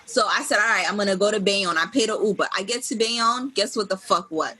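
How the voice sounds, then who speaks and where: A woman's voice: mid-range voice, a little fast, sharp tone, slightly rough, low-quality recording. A woman from New York co-hosting a podcast, telling a story in casual chat, swearing often and acting out the other people in it. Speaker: podcast co-host.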